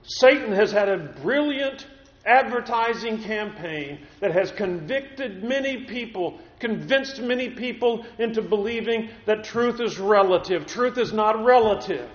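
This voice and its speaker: A man preaching a sermon to a congregation, earnest, repeating words as he builds his points. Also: high-pitched. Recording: echoey room, dull lo-fi sound.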